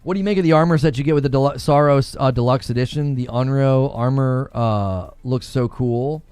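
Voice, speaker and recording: A man's voice: medium pitch, fairly quick, a little mellow, smooth, dry recording, soft background music. A man hosting a gaming podcast in casual chat, rambling with many fillers and laughing easily. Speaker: gaming news podcast host.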